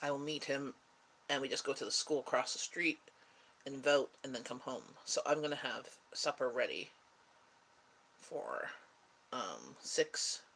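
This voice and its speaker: Sleepy lady hosting a chill live stream, rambling and chatty with pauses. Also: very deep voice, animated, a bit bright, slight background noise. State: tired and yawning. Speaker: livestream host chatting with viewers. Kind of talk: casual live-stream chat.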